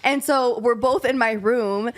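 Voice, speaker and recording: A woman's voice: fairly high pitch, measured pace. A young woman telling a story in casual podcast chat, laughing as she talks and filling her sentences with "like". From abroad, moved to the US at ten. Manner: laughs while talking, fillers like "like".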